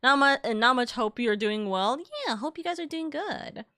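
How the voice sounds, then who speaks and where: A woman's voice: a little high, animated, moderate pace, sharp tone, clean tone, dry recording. Rambling young woman streamer, dry sound. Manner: rambling, swears freely, many "like"s. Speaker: streamer host. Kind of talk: casual chat on a live stream.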